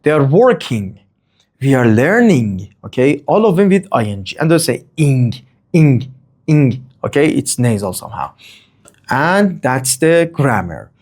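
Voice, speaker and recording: A man teaching English grammar in a rambling, lively way, with many asides and checks of "okay?". English is not his first language. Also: mid-range voice, normal speed. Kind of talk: grammar lesson.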